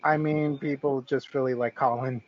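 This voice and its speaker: A man's voice: mid-range voice, fairly even intonation, moderate pace, dull audio, slight background noise. A man appearing as a guest on a casual discussion podcast, speaking hesitantly and often starting with "I mean.".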